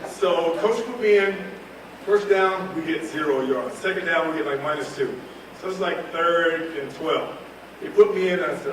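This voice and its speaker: A man's voice: a little high, moderate pace, a little hiss or hum. A man in his fifties from North Carolina, telling humorous stories as a keynote speaker at a reunion. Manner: animated, humorous, acts out scenes. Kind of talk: storytelling speech. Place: large hall at a reunion event. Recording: echoey hall, mic far off.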